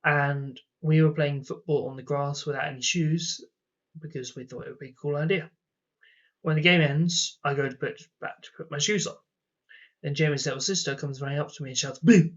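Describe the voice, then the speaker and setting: A young man rants through his own stories in a rambling, exasperated vlog, leaning on "like" as he goes. His voice sits a little higher than most men's. The recording is dull and lo-fi. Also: steady tone, fairly quick, fairly bright tone. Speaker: vlogger. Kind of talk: casual storytelling vlog. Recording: dull lo-fi sound.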